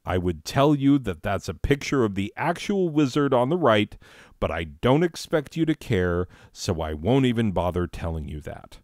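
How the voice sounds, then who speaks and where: Sarcastic low-voiced man hosting. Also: big pitch swings, normal speed, darkish tone, dry recording, studio quality. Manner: sarcastic, mock-serious asides. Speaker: host. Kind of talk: comedic year-in-review monologue.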